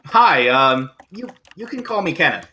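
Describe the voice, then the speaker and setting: A man's voice: fairly high pitch, big pitch swings, normal speed, sharp tone, pitched above the performer's own voice. A game master voicing an awkward, friendly man who stammers a little as he looks after a guest.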